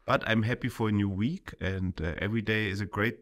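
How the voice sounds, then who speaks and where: A man's voice: on the low side, steady tone, a little fast, a bit bright. A tired young man who speaks natively, hosting a casual livestream chat in English and rambling loosely with fillers. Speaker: stream host.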